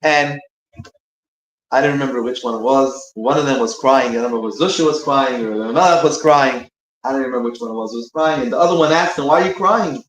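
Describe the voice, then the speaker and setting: A man's voice: mid-range voice, fast. A man giving an informal teaching talk, rambling and restarting as he searches for words. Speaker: speaker giving a short talk between prayers. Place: synagogue room. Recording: echoey room.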